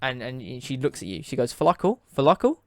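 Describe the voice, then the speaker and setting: A man running a tabletop game, narrating in a rambling way and often restarting his sentences. His voice sits at a middle pitch, in a dry, close recording. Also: a little fast, dry recording. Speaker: game master.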